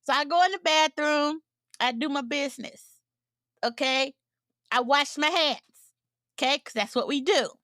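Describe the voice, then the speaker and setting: A woman co-hosts a casual podcast and tells a story with lots of energy. Her voice sits a little high and sounds dry and close to the mic, with no room sound. She laughs often and acts out the lines of the people in her story. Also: a little slow, long pauses, no room sound. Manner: animated, laughing, acts out quotes. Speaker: podcast co-host.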